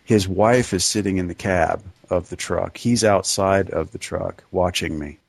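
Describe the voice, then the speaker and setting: A man's voice: low-pitched, a little slow, creaky, slightly rough, no room sound. Man telling a story, laughing often. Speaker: podcast co-host. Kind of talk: casual storytelling.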